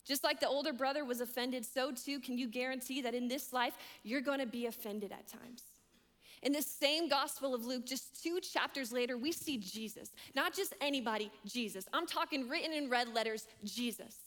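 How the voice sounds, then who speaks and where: Woman preaching, high voice, punchy and repetitive, big echoey hall. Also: normal speed. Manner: emphatic, repeats key lines, swings between loud and hushed. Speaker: young adult director preaching. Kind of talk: sermon. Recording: long hall reverb.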